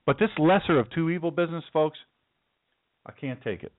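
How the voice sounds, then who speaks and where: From his home studio, a male talk show host pushes an impassioned political monologue, emphatic and repetitive, often stammering and restarting. His fairly high voice is brisk, with no room sound and a dry, tinny, phone-like quality.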